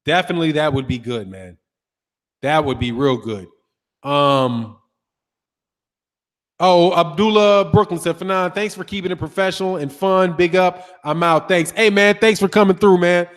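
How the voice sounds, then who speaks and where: A man's voice: high voice, moderate pace, in a large hall. A man hosting a casual boxing livestream, reading viewer comments, laughing often and throwing in slang like "dog" and "man". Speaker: boxing channel host.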